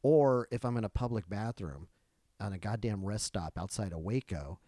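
A man, a comedian in casual podcast chat, who rambles through stories and works himself up into loud ranting. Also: lowish voice, moderate pace, no room sound, studio quality.

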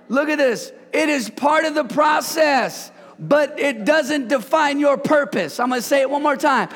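A man preaching in a church, pushing his congregation to speak lines back to each other. His voice sits very high with a gravelly edge. A long hall reverb trails after his words. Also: a bit bright. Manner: exhorting, calls on the congregation to repeat lines. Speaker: pastor. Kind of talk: sermon.

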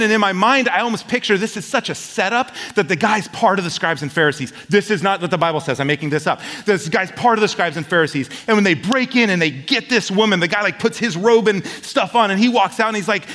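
A man preaching a sermon and telling a personal story, swinging from loud outbursts to hushed tones. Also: high-pitched, animated, fast talker, few pauses. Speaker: pastor. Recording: long hall reverb.

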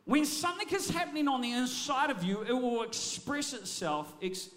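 High-voiced man preaching a sermon. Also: normal speed. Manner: energetic, repeats words as he restarts phrases. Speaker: pastor.

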